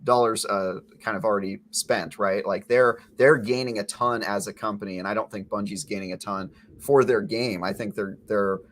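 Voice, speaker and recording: A man's voice: lowish voice, fairly even intonation, moderate pace, few pauses, fairly bright tone, a little hiss or hum. A man giving strong, emphatic opinions in a casual gaming podcast discussion.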